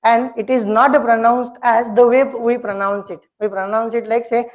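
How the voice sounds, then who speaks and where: A woman's voice: on the high side, fairly even intonation, darkish tone. Woman teaching pronunciation, lo-fi recording. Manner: slow and deliberate, repeats words to model pronunciation. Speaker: English communication skills teacher. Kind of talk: pronunciation lesson. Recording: dull lo-fi lecture recording.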